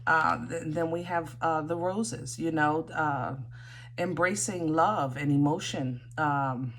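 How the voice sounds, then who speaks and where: A woman gives a casual tarot reading in a low-pitched voice at a slow pace. She thinks aloud, with lots of fillers and restarts.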